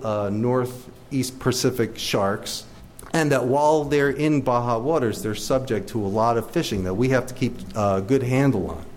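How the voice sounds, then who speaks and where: Middle-aged male scientist presenting slides, friendly and eager, frequent fillers, mid pitch, faint room noise. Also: darkish tone. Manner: friendly, enthusiastic, many fillers and restarts. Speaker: shark research biologist giving a slide talk. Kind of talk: public lecture with slides.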